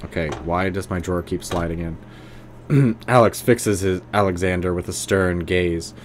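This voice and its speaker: A man's voice: low-pitched, fairly even intonation, normal speed, a little hiss or hum. A man streaming a game, reading its text and adding sarcastic, casual remarks. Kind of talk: game let's play commentary and reading.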